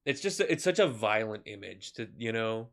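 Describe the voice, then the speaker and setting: Streaming a shooter, this man jokes around, curses without restraint, laughs a lot and lets out excited yelps at big moments. His gravelly voice is fairly low and moves at a moderate pace.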